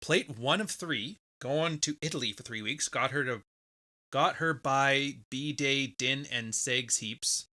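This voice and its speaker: A man hosts a casual livestream, his voice bright and forceful on a close microphone. He rambles loosely as he works through viewer messages, with an everyday middle pitch. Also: slow pace. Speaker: podcast host.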